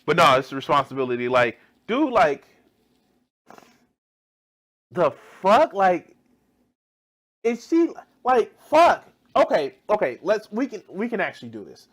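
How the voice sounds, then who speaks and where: A man's voice: high-pitched, wildly swooping pitch, takes it slowly, long pauses, slightly rough. A man ranting in a reaction video, exasperated and heavily profane, often restarting mid-sentence. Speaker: video commentator.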